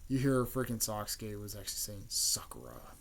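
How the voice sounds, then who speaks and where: Male channel host, mid-pitched, casual recap, stumbling speech, lots of fillers and throat clearing. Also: steady tone. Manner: halting, filler-heavy, repeats words, clears throat often. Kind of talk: casual rambling story recap.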